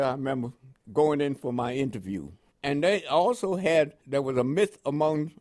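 An older man from Panama with a New York accent touched by West Indian inflections, telling his life story in an oral history interview. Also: mid-range voice. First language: French. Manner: lively, animated storyteller who acts out quoted voices.

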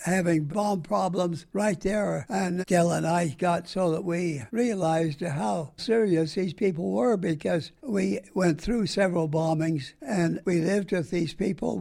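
A man's voice: sits high, gravelly, darkish tone. An older man and war veteran, telling his memories in a folksy, rambling way for an oral history interview. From United States. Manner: folksy, rambling storytelling with plain-spoken asides.

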